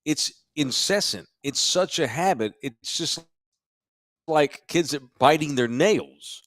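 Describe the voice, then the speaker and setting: Animated middle-aged man ranting on a podcast. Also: fairly high pitch, slow, no echo, studio quality. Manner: exasperated ranting, emphatic, profane. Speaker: podcast co-host and high school history teacher. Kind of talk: casual podcast banter. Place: podcast studio in a sports bar.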